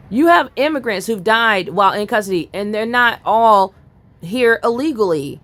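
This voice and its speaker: A woman's voice: mid-range voice, expressive, normal speed, fairly bright tone. A woman angrily reading news aloud and ranting about it in a profane political vlog commentary. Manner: furious, profane, reads news aloud then rants.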